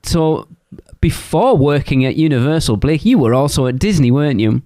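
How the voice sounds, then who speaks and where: A man's voice: fairly high pitch, animated, normal speed, dark tone, no room sound, clean studio sound. A man hosting a podcast, teasing his guest in an easygoing way and steering the conversation along. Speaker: podcast host. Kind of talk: casual podcast chat.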